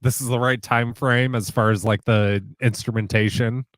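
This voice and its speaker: A man's voice: medium pitch, fairly even intonation, moderate pace, no room sound. A man who plays guitar, talking casually and rambling with many restarts and false starts. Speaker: guitar player guest. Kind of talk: casual conversation.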